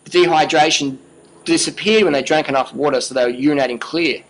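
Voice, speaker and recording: A man's voice: fairly high pitch, a little fast, poor audio. A man giving an emphatic, passionate monologue as a vlogger, repeating himself, swearing freely and often asking "you know what I mean".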